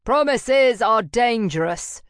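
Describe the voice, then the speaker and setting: A woman's voice: fairly high pitch, lively intonation, takes it slowly, smooth, no echo, studio quality, voice pushed up. A woman doing a cold, menacing eldest brother. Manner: curt, stern, threatening. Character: cold, domineering eldest brother, young man. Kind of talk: audiobook character voice.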